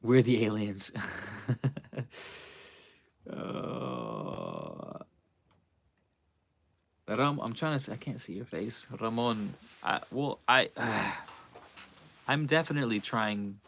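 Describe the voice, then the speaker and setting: Male streamer with a fairly low voice, laid-back slangy chatter, thinking out loud to chat. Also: sing-song, slow pace, vocal fry, pauses often. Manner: loose and slangy, musing aloud. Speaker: livestream host. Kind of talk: casual livestream chat.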